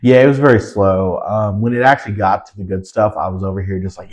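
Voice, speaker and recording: A man's voice: on the low side, steady tone, fast talker, hardly any pauses, a little mellow. A young man chatting casually as a podcast co-host, rambling with lots of fillers and restarts. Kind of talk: casual chat.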